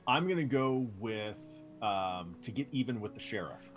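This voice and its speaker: A man with a low voice answers briefly and plainly at a game table. Faint music plays behind him. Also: expressive, moderate pace. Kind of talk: casual game table talk.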